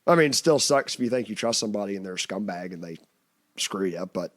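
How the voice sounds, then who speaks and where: A man's voice: fairly low pitch, lively intonation, fast. A man hosting a podcast in casual comedic chat, rambling and laughing often. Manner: rambling, laughs often, slips into mocking quoted voices. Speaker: podcast host.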